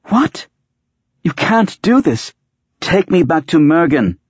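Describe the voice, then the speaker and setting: A man voicing a shrill, headstrong young woman. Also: big pitch swings, slow, slightly rough, no room sound, heavily acted. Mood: defiant. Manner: high, shrill pleading. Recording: dry, dull muffled audiobook recording.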